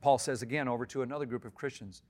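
A man preaching a sermon in an earnest, emphatic way, swinging between loud, stressed rises and hushed, quiet drops. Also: mid-range voice, steady tone, rapid-fire. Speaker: pastor.

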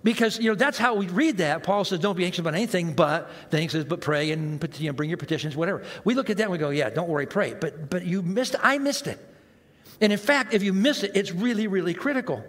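Animated high-voiced preacher man in a hall. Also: quick pace. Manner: animated, self-mocking, acts out quoted reactions. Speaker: pastor. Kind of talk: sermon. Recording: long hall reverb.

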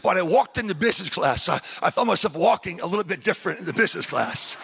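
A man preaching a fervent sermon at a church service, breaking into shouts and rambling through personal stories with many asides. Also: high-pitched, expressive, fast talker, vocal fry, breathy edge, in a large hall. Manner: storytelling with many asides and restarts. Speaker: visiting missionary preacher.

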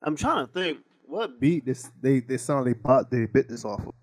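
A laid-back young man chatting on a podcast, full of slang and casual swearing. His voice is mid-pitched and relaxed. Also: normal speed, heavy background noise. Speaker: podcast co-host. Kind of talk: casual chat.

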